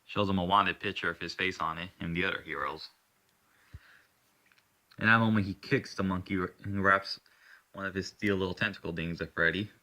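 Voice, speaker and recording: A man's voice: deep voice, steady tone, a little fast, pauses often, bright, forceful tone. A man casually narrating his own hero story in a rambling way, swearing and correcting himself as he goes.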